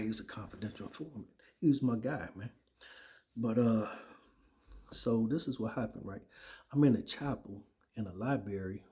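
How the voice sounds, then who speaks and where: A man's voice: on the low side, dark tone. A man telling his personal testimony in a casual, conversational way, often tagging lines with "right?" and "man.". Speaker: former soldier sharing his testimony.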